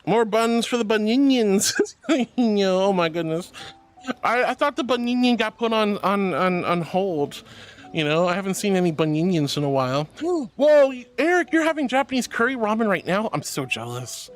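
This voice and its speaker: A man streaming live and reading out chat in a bubbly, affectionate, playful way, calling viewers sweetie and darling, with giggles, gasps and squeals. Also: sits high. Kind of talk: chatty livestream reading chat.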